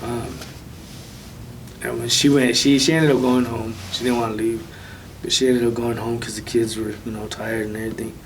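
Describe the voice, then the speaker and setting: A man speaking as an interview guest, telling a personal testimony in a soft, halting way with many pauses. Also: mid-range voice, level tone, far from the mic, slight background noise, rough recording.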